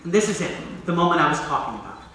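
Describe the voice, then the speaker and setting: A man plays a wistful middle-aged narrator who confides in the audience, musing aloud with a bright, lively voice. He is picked up from far off in an echoey theatre. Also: a little high, racing, a little hiss or hum. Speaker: stage narrator. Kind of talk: amateur stage musical performance. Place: school theatre stage.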